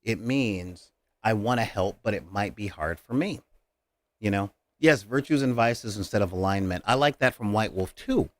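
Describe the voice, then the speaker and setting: A man's voice: on the low side, expressive, moderate pace, no room sound. A man hosting a casual talk about tabletop roleplaying as a game master, speaking earnestly with many hesitations and fillers.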